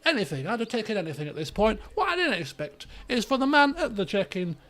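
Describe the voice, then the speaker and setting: A man, hosting a game video and telling a rambling personal story in an animated way, full of restarts and asides. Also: high voice, quick pace. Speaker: let's play host.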